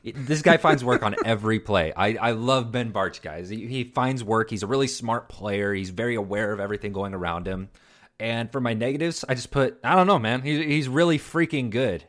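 A man co-hosting a casual podcast chat, excitable and gushing, often repeating himself as he gets carried away. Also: fairly low pitch, brisk. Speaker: podcast co-host.

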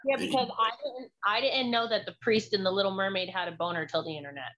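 A woman's voice: mid-range voice, quick pace, a bit bright, muffled recording. A woman co-hosting a casual podcast chat, rambling and often cutting herself off mid-story. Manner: rambling, self-interrupting storyteller. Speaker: podcast co-host.

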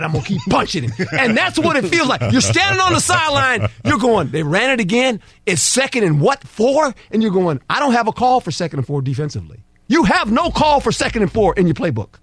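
A man with a high, lively voice breaks down football on a sports talk show, close and dry on the mic. He is emphatic and folksy and slips into quoted dialogue as players and coaches. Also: fast talker, few pauses, slightly rough, no room sound. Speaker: football analyst guest.

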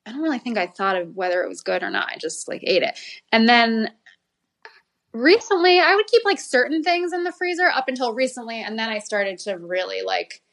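Chatty woman with a high voice. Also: brisk, vocal fry, fairly bright tone. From United States. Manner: chatty, laughing, self-correcting restarts. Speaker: podcast guest, food critic. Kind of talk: casual chat.

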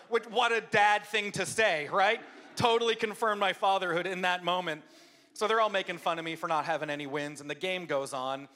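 A man preaching as a pastor to a live church audience, telling a funny self-deprecating story with lively impressions. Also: sits high, brisk. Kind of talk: humorous storytelling sermon.

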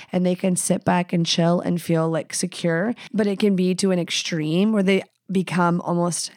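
A woman's voice: fairly low pitch, vocal fry, warm tone, dry recording, studio quality. A woman in her thirties hosting a podcast, giving blunt, candid advice in a casual, profane way.

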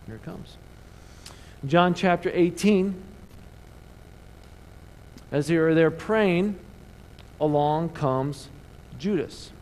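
A man preaching a sermon in church, animated, calling the congregation to answer back. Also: fairly high pitch, takes it slowly, long pauses, slight background noise, low-quality recording. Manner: animated preaching with call-and-response. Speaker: pastor. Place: church sanctuary.

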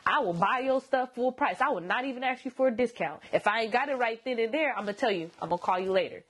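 A woman's voice: a little high, lively intonation, fast talker. A young adult woman, a singer, talking as an interview guest in a casual, self-assured way, often laughing and slipping into sarcastic asides.

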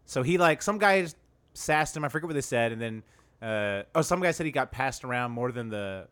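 A man's voice: mid-range voice, lively intonation, normal speed, a bit bright. A man co-hosting a casual podcast, reading out jokey one-liners and laughing often. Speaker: podcast co-host. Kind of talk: casual comedy chat.

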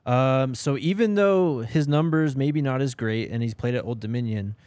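A man co-hosting a sports podcast in casual chat, relaxed and giving quick "yep" replies. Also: mid-range voice, dry recording. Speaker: podcast co-host.

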